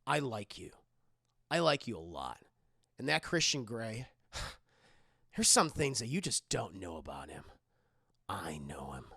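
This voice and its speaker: A man acting out a sleazy, menacing male boss in a low, slow, leering voice. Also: wildly swooping pitch, bright, forceful tone, breathy edge, dry recording, full character voice.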